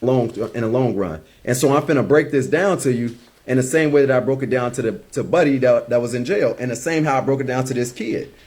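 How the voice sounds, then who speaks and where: A man's voice: medium pitch, fairly quick, darkish tone. A man, giving impassioned, preachy commentary as a podcast host and stumbling over repeated words. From United States. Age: 30s. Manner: preachy, emphatic, repeats words when heated.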